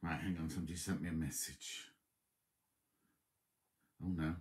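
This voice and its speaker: A man hosting a casual live stream from home, chatting warmly and reading out viewers' comments, with a slight cough. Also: very deep voice, fairly even intonation, moderate pace. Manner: chatty, affectionate, reads viewers' comments aloud. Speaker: livestream host.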